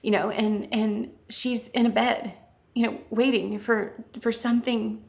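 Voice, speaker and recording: A woman's voice: fairly high pitch, fairly even intonation, unhurried, gravelly, darkish tone. A woman author co-hosting a casual chat, speaking in a heartfelt, reflective way. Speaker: author and co-host.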